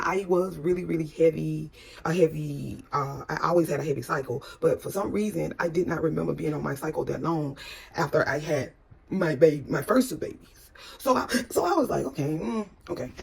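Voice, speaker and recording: A woman's voice: lowish voice, gravelly, darkish tone, slightly rough. A woman telling a personal story in a casual, rambling way. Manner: rambling with many restarts.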